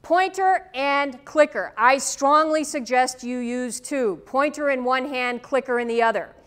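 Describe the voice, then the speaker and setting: A woman's voice: high-pitched, measured pace, fairly bright tone. A woman professor giving a classroom lecture to students, firm and direct, checking in with "okay?" often. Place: lecture room. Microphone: microphone, tethered.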